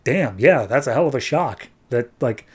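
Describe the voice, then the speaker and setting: A man's voice: medium pitch, expressive, moderate pace, husky. A man hosting a podcast, giving an enthusiastic, casual recap of a comic book and swearing now and then. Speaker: podcast host.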